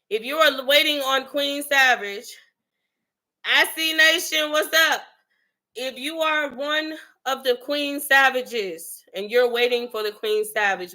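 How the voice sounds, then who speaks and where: A woman hosting a casual livestream, chatty and upbeat as she greets her viewers one by one. Her voice sits a little high and rings bright and forward. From the Bronx, New York. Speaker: livestream host.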